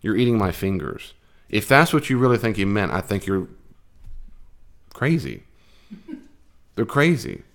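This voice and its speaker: Animated, low-voiced man teaching a Bible class. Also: measured pace, long pauses. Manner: conversational, animated, with frequent fillers and restarts.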